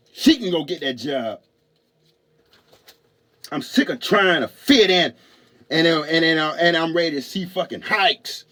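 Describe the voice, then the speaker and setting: A man's voice: fairly high pitch, a bit bright. A man in a profane ranting monologue who repeats and stammers angrily. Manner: repetitive, stammering, angry.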